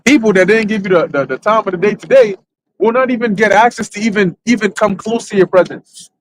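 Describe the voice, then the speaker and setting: A man with a high voice preaches in a loose, conversational way during a church livestream. He stalls on fillers and repeats himself while he hunts for the right word, then pushes on with his point. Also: big pitch swings, background noise. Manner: halting, searches for words with many fillers. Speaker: church teacher. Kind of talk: conversational sermon in a live church stream.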